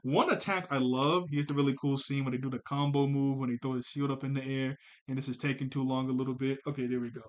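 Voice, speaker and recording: A man's voice: medium pitch, fairly even intonation, quick pace, hardly any pauses. A man recapping a movie in casual chat, rambling with lots of "like" and "you know" and chuckling often. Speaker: movie commentary vlogger.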